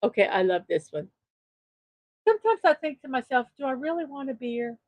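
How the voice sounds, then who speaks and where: High-voiced woman chatting on a livestream. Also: very animated, fairly quick, no room sound. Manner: chuckles at her own jokes, chatty and upbeat. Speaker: livestream show host. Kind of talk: casual livestream chat reading memes.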